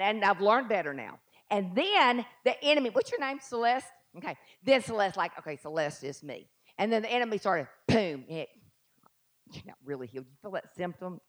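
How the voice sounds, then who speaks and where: A middle-aged woman preaching a lively sermon, dropping into hushed asides and rising to shouted declarations. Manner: acts out doubting voices in a low mutter. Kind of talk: live sermon.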